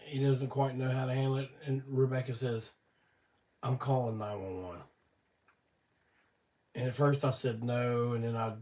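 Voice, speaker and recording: A man's voice: medium pitch, mellow, recorded from a distance. An older man, his voice weak from illness, telling a rambling, folksy story as host of a live show. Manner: rambling, folksy, swears casually. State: weak voice from illness and cough syrup. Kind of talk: casual storytelling on a livestream.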